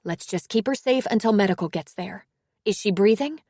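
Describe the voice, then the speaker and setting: A woman doing a steady emergency dispatcher. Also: medium pitch, moderate pace, no room sound, studio quality, lightly acted. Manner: steady, methodical questioning. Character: calm female emergency dispatcher.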